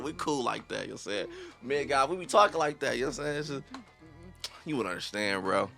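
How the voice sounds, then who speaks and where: A man hosting a reaction video, talking in an animated, slangy, excitable way. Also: medium pitch, quick pace, creaky, faint music behind. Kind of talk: casual reaction commentary.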